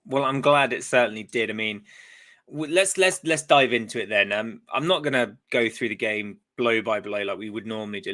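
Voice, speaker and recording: A man's voice: fairly low pitch, normal speed, bright, forceful tone. A man hosting a podcast who steers the conversation by putting questions to his co-hosts. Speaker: podcast host. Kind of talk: casual chat.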